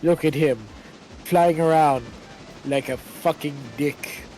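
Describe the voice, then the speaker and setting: A man imitating a gaming YouTuber with a monotone, deadpan, oddly formal delivery. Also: a little high, slow pace, faint music behind. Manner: flat, deadpan, formal phrasing.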